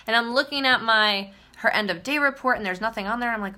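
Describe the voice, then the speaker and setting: A woman's voice: a little high, brisk, hardly any pauses, bright, forceful tone. A young woman telling a story in a casual livestream vlog, chatty and full of fillers. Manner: chatty, storytelling with many likes. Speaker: vlogger.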